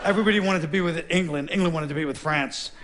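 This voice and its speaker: A man's voice: on the high side, quick pace, noisy background. A man performing a sardonic stand-up comedy routine on stage before a laughing audience. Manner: wry, sardonic, conversational.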